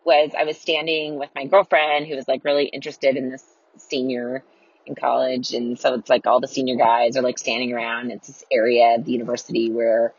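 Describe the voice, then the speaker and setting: A woman's voice: rumbling low, flat delivery, brisk, slightly rough, no echo. A woman guest telling a rambling, giggly, self-deprecating story in casual talk. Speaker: podcast guest. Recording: dull lo-fi recording.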